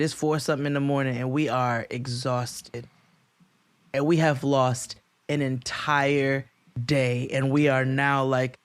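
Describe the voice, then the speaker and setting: A man co-hosting a podcast, telling a long story in casual chat, acting out quotes in high voices and laughing often. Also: no echo. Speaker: podcast co-host.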